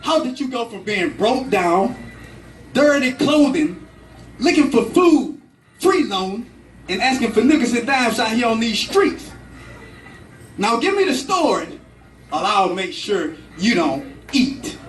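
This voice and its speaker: A man's voice: very high-pitched, sing-song, unhurried, heavily acted. A man voicing a bossy female news reporter who talks in a pushy, commanding way. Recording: echoey room, from far off.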